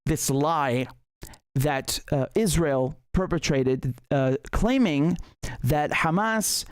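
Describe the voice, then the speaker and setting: A man delivers heated solo political commentary with plain indignation and biting sarcasm. He circles back and repeats his lines for emphasis. His voice sits somewhat high and sounds close and dry, with no room echo. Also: takes it slowly, clean tone.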